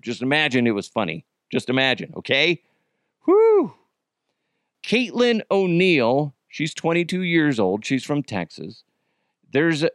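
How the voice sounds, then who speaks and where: A man's voice: medium pitch, fairly bright tone, no echo. Rambling male podcast host, dry sound. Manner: rambling, with many restarts and asides. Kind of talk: casual comedic podcast chat.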